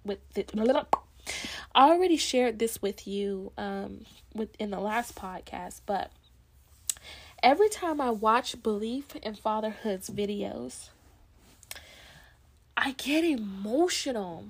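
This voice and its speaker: A woman's voice: medium pitch, lively intonation, slow pace. A young woman hosting a solo podcast, talking in a rambling, reflective way with lots of fillers. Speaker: podcast host. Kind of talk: casual solo podcast chat.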